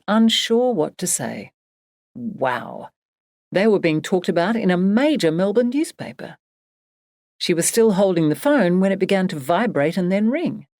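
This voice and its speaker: A woman narrating an audiobook in a measured, expressive reading. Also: lowish voice, dry recording, clean studio sound. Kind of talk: scripted narration.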